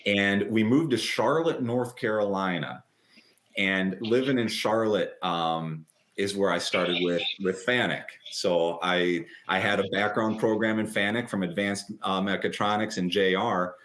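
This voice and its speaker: A man in his thirties with a fairly low voice, talking as a podcast guest. He is chatty and animated, telling his story in a loose, conversational way and acting out what other people said. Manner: quick, lively retelling with acted-out quotes. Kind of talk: casual storytelling interview.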